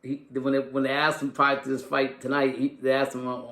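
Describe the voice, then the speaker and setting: A man co-hosting a boxing show in casual chat, talking haltingly with lots of fillers and repeated words. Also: medium pitch, completely flat delivery, sharp tone, reverberant. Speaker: co-host. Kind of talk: casual fight breakdown.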